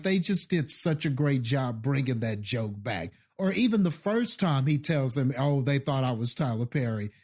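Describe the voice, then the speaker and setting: Excitable, rambling man on a podcast. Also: fairly high pitch. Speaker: podcast co-host. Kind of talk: casual film review chat.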